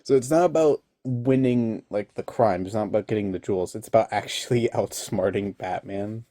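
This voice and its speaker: A man's voice: on the low side, moderate pace, warm tone, no room sound. Laughing young man recapping an episode. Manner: rambling, laughs often, many fillers. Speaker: online reviewer.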